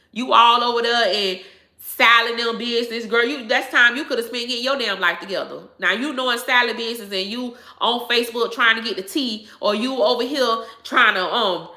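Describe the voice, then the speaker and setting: Woman, 30s, YouTube host talking straight to viewers; blunt, preachy, curses, bright high-ish voice, echoey room. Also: normal speed. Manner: blunt, preachy, repeats phrases, swears freely. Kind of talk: casual chat to viewers.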